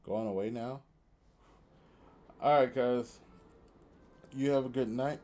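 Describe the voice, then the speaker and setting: A man's voice: mid-range voice, steady tone, slow, darkish tone. A tired man streaming a video game, chatting casually and correcting himself as he goes. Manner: rambling, self-correcting. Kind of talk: casual let's-play commentary.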